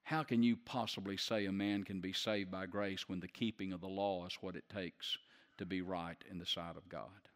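Low-voiced preacher in a reverberant hall. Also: male voice, steady tone, normal speed. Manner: questioning the congregation, rising emphasis. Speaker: pastor. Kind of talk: sermon.

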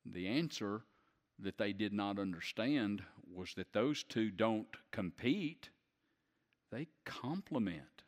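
A man's voice: lowish voice, lively intonation, slow pace, in a large hall. A man preaching a sermon who puts questions to the congregation and builds to emphatic peaks. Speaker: pastor.

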